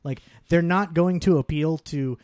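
A man's voice: on the high side, a little slow, darkish tone. A man chatting casually with friends on a podcast, telling rambling stories full of fillers. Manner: rambling, filler-heavy storytelling. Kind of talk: casual group chat.

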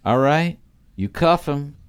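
A man's voice: a little high, animated, slow, clean tone. A middle-aged man co-hosting a comedy podcast, riffing in a playful, boastful way. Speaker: podcast co-host. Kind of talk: casual comedy chat.

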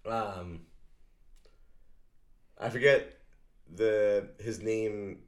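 A man's voice: fairly low pitch, steady tone, very slow. A man co-hosting a podcast in casual movie chat, rambling and hesitant with many fillers. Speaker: podcast co-host.

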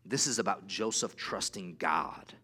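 A man preaching a sermon to his church, swinging from hushed asides to raised exclamations and acting out little dialogues in different voices. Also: sits low, a little slow. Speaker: pastor.

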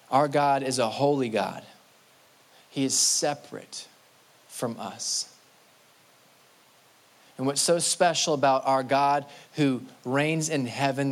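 A male pastor preaching a sermon in an earnest way, often repeating and restarting words and slowing down to stress quoted scripture. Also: medium pitch.

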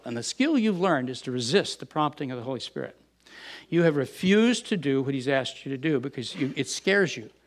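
A middle-aged male pastor preaching a sermon, his voice sitting a bit high for a man. He stumbles over repeated words and restarts his sentences, then swells into loud, fervent bursts.

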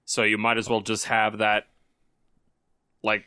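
Low, bright-toned man with dry remarks. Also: monotone, measured pace, smooth, dry recording. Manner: dry, teasing, blunt remarks. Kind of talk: casual chat.

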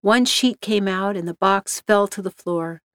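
A woman reading a scripted story aloud in an even, measured way. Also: medium pitch, clean tone, no echo. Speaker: narrator.

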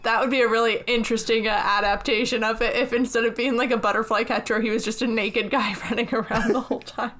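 A woman's voice: a little high, steady tone, quick pace, hardly any pauses, fairly bright tone. A young woman co-hosting a podcast, chatting casually, giggly and frank. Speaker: podcast co-host. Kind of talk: casual chat.

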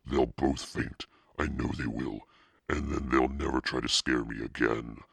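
Man reading pleading preteen girl, eager, gushing, audiobook, low gravelly voice, dry close sound. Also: fairly even intonation, a little slow, a bit bright, dry recording, heavily acted. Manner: breathless, begging, gushing.

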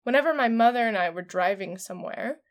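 A woman's voice: a little high, lively intonation, fast. Chatty woman co-hosting a talk. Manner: chatty, many fillers like "like" and "um". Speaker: podcast co-host. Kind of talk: casual discussion.

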